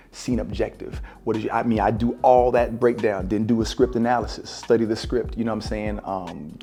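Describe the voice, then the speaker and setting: A man's voice: fairly low pitch, creaky, dark tone. A man in his forties, an actor and former teacher, speaking in a sit-down interview in a reflective, spiritual, casual way with many fillers. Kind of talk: sit-down interview, talking to camera. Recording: music playing underneath.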